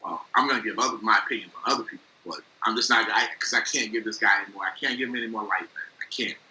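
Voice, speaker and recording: A man's voice: fairly low pitch, very fast, pushed and bright, echoey room, a little hiss or hum, poor audio. A man co-hosting a sports talk show, arguing his point with passion and exasperation. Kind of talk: heated sports debate.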